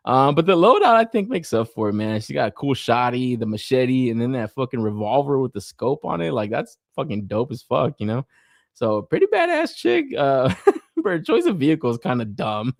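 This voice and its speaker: Animated, profane man reviewing toys. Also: medium pitch, no echo, clean studio sound. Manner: profane, laughs often, lots of filler. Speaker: podcast host. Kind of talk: casual toy review chat.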